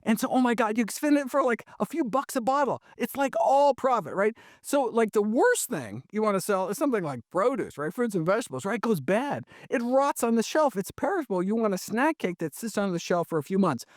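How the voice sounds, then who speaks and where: A man, a physician guest, answering in an animated, emphatic conversational style, often tagging points with "right?". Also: high voice, brisk, hardly any pauses, no room sound, clean studio sound. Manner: animated, emphatic, frequent "right?" and "you know".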